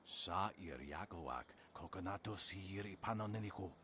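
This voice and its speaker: An actor voicing a gruff old male martial arts master who speaks an invented game language. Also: deep voice, normal speed, pushed and bright, a little hiss or hum. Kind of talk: video game dialogue.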